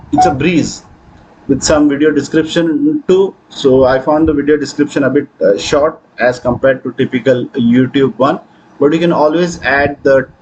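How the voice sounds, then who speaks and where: A man hosting a software tutorial, talking through his screen with frequent hesitations. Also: on the high side, a little hiss or hum, low-quality recording. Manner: hesitant, many fillers. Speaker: tutorial host. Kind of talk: screen-recording software walkthrough.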